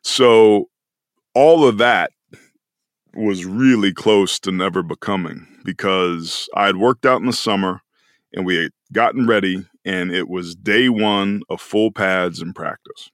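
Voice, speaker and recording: A man's voice: sits low, no room sound, studio quality. A man in his forties, a podcast guest telling a personal story in an earnest, emotional way. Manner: earnest and emotional, slowing down on key moments.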